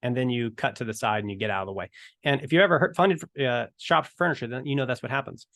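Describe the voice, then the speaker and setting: A man giving a casual training talk on evangelism, telling stories in a chatty, animated way. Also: medium pitch, fast talker, dry recording, clean studio sound. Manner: storytelling, chatty, animated retelling. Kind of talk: casual teaching talk to camera.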